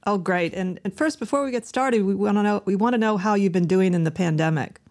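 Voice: mid-range voice, a little fast, darkish tone. A talk show host in a casual interview, friendly and laughing along while steering the questions.

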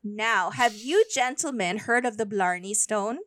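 A woman's voice: medium pitch, measured pace, a bit bright, no room sound. A woman hosting a podcast, telling a folklore story in casual chat and switching into Tagalog mid-sentence. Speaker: podcast host.

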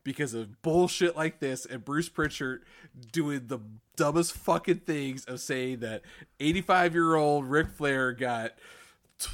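A man's voice: a little high, unhurried. A man co-hosting a casual wrestling podcast, ranting in exasperation with heavy swearing. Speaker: podcast co-host.

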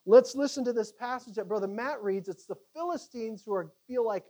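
A man teaching a Bible study to a group, animated and conversational, with frequent halting restarts. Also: extremely high pitch.

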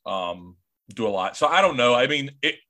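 A man's voice: mid-range voice, expressive, moderate pace, pushed and bright. A man hosting a podcast, talking casually with many restarts and a deferential tone. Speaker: podcast host.

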